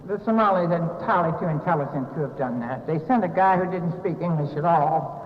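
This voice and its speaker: A woman's voice: fairly low pitch, quick pace, a little hiss or hum. An older woman with a Southern US accent tells her recovery story to an audience with wry, self-mocking humor. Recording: dull echoey hall recording.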